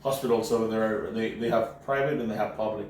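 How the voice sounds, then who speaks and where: A man's voice: fairly low pitch, fairly quick. A man from Mexico, a native Spanish speaker and former professor, telling stories in a loose, slangy way with many restarts. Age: adult, former university professor. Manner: animated storyteller, loose slangy talk with many "bro"s and restarts. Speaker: podcast host. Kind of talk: casual storytelling chat. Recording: echoey room, distant mic, faint noise.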